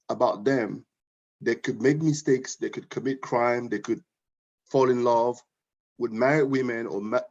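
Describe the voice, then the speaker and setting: A man giving an earnest, informal speech at a book launch, with halting restarts and repeated phrases. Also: mid-range voice, a little mellow. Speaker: guest speaker praising a novel. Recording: dull lo-fi audio.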